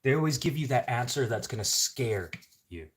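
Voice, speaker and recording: A man's voice: mid-range voice, expressive, normal speed. A middle-aged man from Canada in a casual ranting monologue, blunt and swearing, rising to sudden outbursts. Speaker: vlogger.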